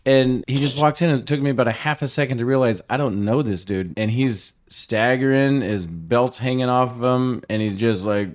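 A man's voice: medium pitch, moderate pace, hardly any pauses. Profane man telling a wild story. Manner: profane, animated storyteller who acts out shouting. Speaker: podcast co-host. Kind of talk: casual storytelling chat.

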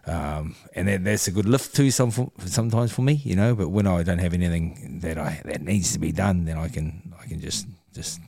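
Man, New Zealand accent, very low voice, dry close sound, halting candid podcast talk. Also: gravelly, a little mellow, husky, no echo. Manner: reflective and candid, trailing off with many fillers. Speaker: guest, former boxer. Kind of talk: casual podcast conversation.

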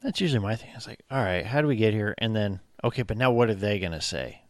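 Animated police officer podcast host. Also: male voice, fairly low pitch, fast talker, no echo, studio quality. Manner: animated storyteller, acts out quotes. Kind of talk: casual podcast chat.

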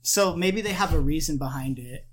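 A man's voice: fairly high pitch, normal speed. A man hosting a casual podcast, talking in an offhand, hesitant way with crude jokes. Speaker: podcast host.

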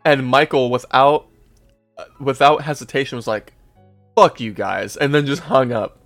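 A man's voice: mid-range voice, steady tone, moderate pace, fairly bright tone, faint music behind. A young man hosting a podcast, casually telling a long story to his co-hosts, swearing freely and laughing along. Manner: laid-back, swears often, laughs at his own story. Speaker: podcast host.

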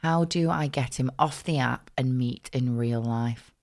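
Very low-voiced young Manchester woman. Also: measured pace, darkish tone. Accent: Manchester, often with southern English vowels. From South Manchester, England. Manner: chatty, teasing banter. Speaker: podcast co-host. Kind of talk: casual chat.

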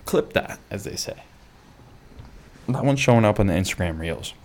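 A young man hosts a solo podcast from his bedroom, a lamp in the corner, speaking in a lowish, darkish, expressive voice at a moderate pace. He rambles with plenty of fillers and restarts, and his humor is dry and self-mocking.

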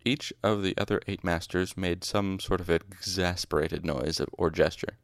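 A man's voice: low-pitched, fairly even intonation, normal speed, no room sound, studio quality. A man casually reading a novel aloud, stopping now and then to correct his slips. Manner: informal, stops to correct slips. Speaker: audiobook reader. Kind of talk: casual amateur audiobook narration.

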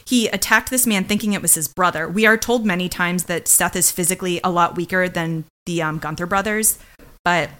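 A woman with a slightly low voice co-hosts a podcast, retelling scenes and acting out the characters' lines. She is blunt and opinionated in a casual, chatty way. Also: a little fast, a bit bright. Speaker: podcast co-host. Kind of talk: casual recap chat.

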